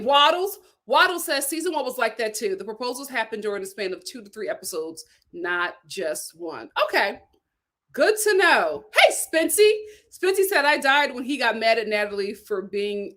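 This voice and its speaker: A young adult woman hosting a casual livestream, reading viewer comments aloud in a chatty, animated way and laughing often. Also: a little high, normal speed. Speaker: YouTube show host reading super chats.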